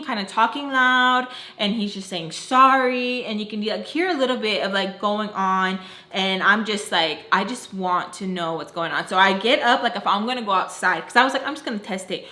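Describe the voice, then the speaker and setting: A woman's voice: fairly high pitch, bright, forceful tone. A young woman telling a personal story in a casual, chatty way, full of "like" and acted-out quotes. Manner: chatty, lots of "like", acts out quoted lines. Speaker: storytime vlogger. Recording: roomy echo.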